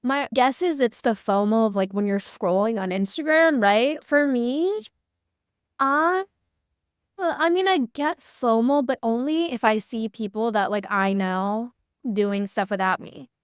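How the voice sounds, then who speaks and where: Chatty young woman, smooth higher voice. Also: unhurried, no echo, studio quality. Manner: chatty, candid, many "like" fillers. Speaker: workshop host. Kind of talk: casual workshop talk.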